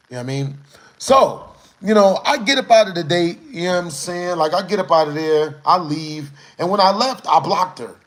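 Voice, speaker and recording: A man's voice: fairly high pitch, reverberant, rough recording. A man streaming live, telling a rambling story in casual slang to his chat and repeating "you know what I'm saying".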